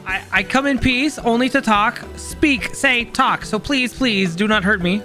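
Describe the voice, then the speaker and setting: A man's voice: extremely high pitch, unhurried, pushed and bright, faint music behind, heavily acted. A man voicing a timid little male kobold creature who stammers and pleads. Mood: frightened pleading.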